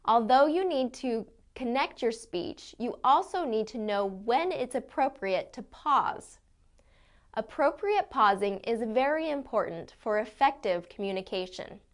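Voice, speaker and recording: Woman, pronunciation teacher, scripted lesson narration, clear deliberate delivery, somewhat high voice. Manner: clear, deliberate modeling of sounds.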